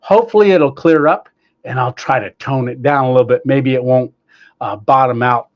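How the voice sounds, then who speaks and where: A man hosting a casual livestream, cheerfully greeting viewers by name and reading their comments, with many pauses and fillers. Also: mid-range voice, dull audio. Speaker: livestream host. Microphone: clip-on microphone, sometimes staticky.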